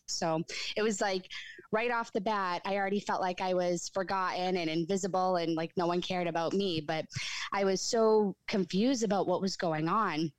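A woman's voice: lowish voice, moderate pace, no room sound, poor audio. A woman on a panel, telling a personal story in a chatty way, full of "like" and "you know". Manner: storytelling with lively retelling. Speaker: panel guest, grieving sibling. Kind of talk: personal account in a panel conversation.

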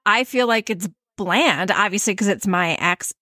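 A woman from the American Midwest co-hosting a podcast, explaining herself quickly and earnestly. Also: mid-range voice, pushed and bright, no room sound, clean studio sound. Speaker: podcast co-host. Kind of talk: casual chat.

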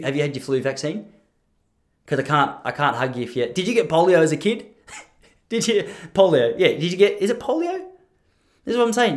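A man in his thirties, talking casually and rambling as a podcast host, joking at his own expense and laughing at his own lines. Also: fairly high pitch. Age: 30s. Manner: chatty, self-mocking, laughs at own jokes.

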